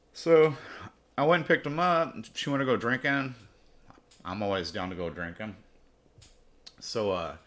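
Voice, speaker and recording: A man's voice: low voice, fairly bright tone. A man telling a rambling, profane personal story as host of his podcast. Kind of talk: casual storytelling.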